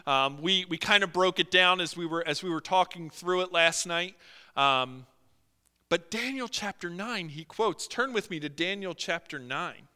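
Brief: animated pastor with a tense bright voice and lots of fillers, recorded in a reverberant church. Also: male voice, high voice, unhurried, clear, resonant tone. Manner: animated, acts out quotes, many fillers. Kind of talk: sermon. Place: church sanctuary. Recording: long hall reverb.

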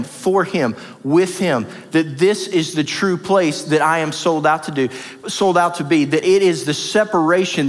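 A man preaching a sermon as pastor, passionate and emphatic, with lots of repetition. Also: on the high side. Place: church hall. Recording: reverberant church hall.

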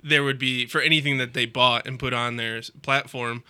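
A man co-hosting a podcast, chatting casually and chiming in with quick jokes. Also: mid-range voice, steady tone, sharp tone, clean tone, no echo. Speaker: podcast co-host. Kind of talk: casual chat.

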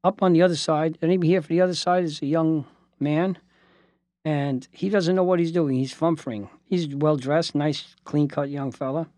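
A man, a lawyer, telling a lively anecdote with asides and voiced quotes. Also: a little high, normal speed, no room sound, studio quality. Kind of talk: spoken anecdote.

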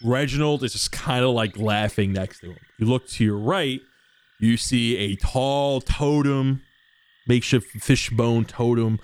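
A man's voice: mid-range voice, unhurried, clean tone. A young man narrating as game master, casual and swearing, with lots of fillers.

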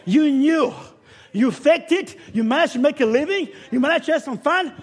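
A man preaching a sermon, with dramatic swings that build up to shouting. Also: very high-pitched, lively intonation, brisk.

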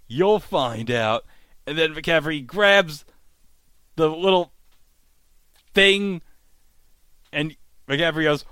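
A man casually recapping a TV episode for his podcast. He talks slowly with a bright, forward tone and keeps jumping into the characters' lines. The sound is close and dry. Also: on the high side, clean tone, no echo. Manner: animated retelling, acting out lines in quick bursts. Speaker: podcast host.

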